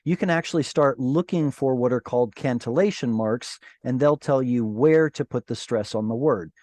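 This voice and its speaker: A man's voice: medium pitch, dark tone, no echo. Patient man teaching an online Hebrew class. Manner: patient, explanatory, pronounces Hebrew words slowly. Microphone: video call.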